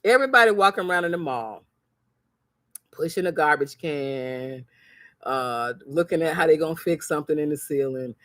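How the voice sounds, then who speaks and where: Animated woman vlogger telling stories. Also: deep voice, normal speed, dry recording, studio quality. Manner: animated storyteller acting out quoted voices; repetitive, preacher-like emphasis. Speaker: crafts seller and vlogger. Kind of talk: motivational livestream talk.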